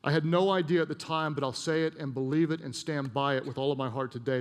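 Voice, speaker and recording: A male pastor preaching a sermon, telling a personal story and dropping to a hushed voice at emotional moments. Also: on the high side, steady tone, quick pace, few pauses, smooth, big-room sound. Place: church auditorium.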